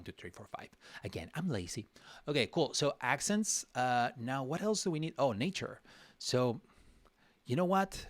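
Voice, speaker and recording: Low-voiced man teaching drawing live. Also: a bit bright, no echo. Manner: thinks aloud while working, talks to himself; chatty with frequent restarts and fillers. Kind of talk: casual livestream tutorial.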